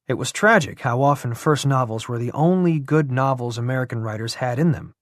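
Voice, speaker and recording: A man giving a measured, even scripted narration of an audiobook. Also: medium pitch, no echo, clean studio sound.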